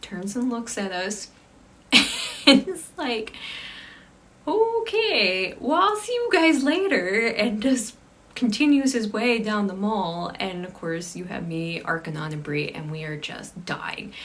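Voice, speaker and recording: A woman hosting a casual chat show and telling a story, shifting between lively telling and a hushed near-whisper. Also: medium pitch, measured pace. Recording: slightly distant mic with faint background noise.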